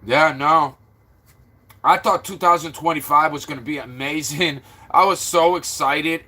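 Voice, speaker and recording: Speaking unhurriedly in a pushed, bright voice, a stressed Floridian rambles to the people watching his livestream. Now and then his delivery drops low and subdued.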